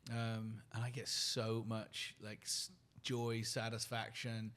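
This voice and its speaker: A man from the UK with a British accent, a podcast guest telling his story in an earnest, reflective way, listing his thoughts slowly with pauses. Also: on the low side, completely flat delivery, fairly bright tone. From United Kingdom. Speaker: guest, company leader and keynote speaker.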